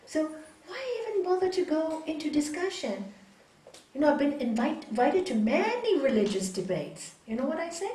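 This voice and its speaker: A woman teaching a spiritual yoga course to a small group, talking in a lively way and acting out what other people say. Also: sits high, normal speed. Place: yoga hall, indoors. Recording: echoey hall, mic far off, faint hiss.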